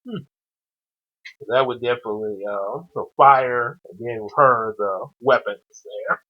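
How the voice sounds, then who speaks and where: A man's voice: medium pitch, a little slow. A man hosting a casual chat, talking hesitantly with lots of "uh" and "um" fillers. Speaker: host. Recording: dull lo-fi audio.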